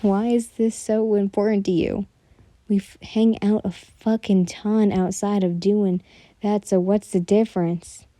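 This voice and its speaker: A woman voicing a cocky young male fighter who mocks calmly, in a whispered role-play. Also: mid-range voice, unhurried, no echo, lightly acted. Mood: annoyed. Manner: mocking, calm and smug.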